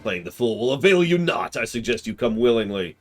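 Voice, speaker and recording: A man doing a pompous gentleman inspector. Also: mid-range voice, big pitch swings, a little fast, faint music behind, voice pushed up, lightly acted. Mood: grandiose. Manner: florid, formal declaiming.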